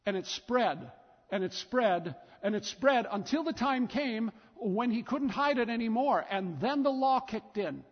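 A man preaching a sermon in a church, telling the story emphatically with lots of repetition. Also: very high-pitched. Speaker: pastor. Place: church sanctuary. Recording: dull recording with long church reverb.

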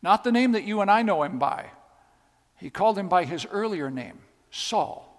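A man's voice: sits high, expressive, moderate pace. A man preaching a sermon, telling stories with emphatic, repeated phrases. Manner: storytelling, emphatic and repetitive. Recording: long hall reverb.

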